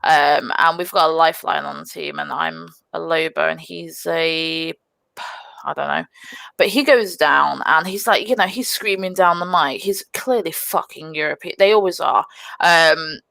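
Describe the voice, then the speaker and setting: Young woman, podcast guest, lowish pitch, gravelly fry, dry close mic, lively sweary storytelling. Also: normal speed, no echo. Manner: animated, swears freely, many fillers. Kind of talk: casual storytelling.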